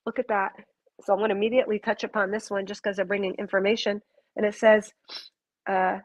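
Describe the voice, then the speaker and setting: A woman's voice: medium pitch, no room sound, highs cut off. A woman giving a live intuitive reading to a viewer, earnest and gushing, rambling through restarts. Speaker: intuitive reader.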